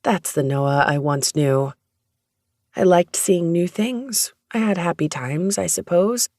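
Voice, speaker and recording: An audiobook narrator reading a first-person romance story in a steady, even storytelling manner. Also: mid-range voice, slow pace, no room sound, studio quality.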